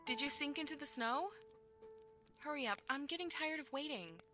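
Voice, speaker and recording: A woman's voice: high voice, expressive, moderate pace. A teasing, coaxing girlfriend. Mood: impatient. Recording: game audio with music behind.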